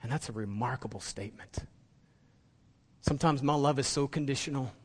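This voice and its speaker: A man's voice: mid-range voice, brisk, breathy edge, big-room sound. A man preaching a sermon as pastor, impassioned and building to emphatic peaks.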